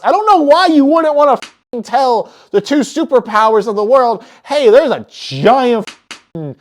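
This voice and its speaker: A woman giving a casual, spoiler-filled movie recap, excitable and swearing often, who breaks off her phrases mid-thought. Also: on the high side, measured pace. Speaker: movie reviewer.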